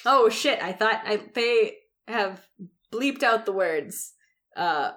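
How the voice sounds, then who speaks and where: Young woman cohost, giggly and wry, mid-pitch, reads fan fiction aloud with dry asides. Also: animated, takes it slowly. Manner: giggly, wry, often breaks off to comment. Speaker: podcast co-host reading fan fiction. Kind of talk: casual chat, reading aloud.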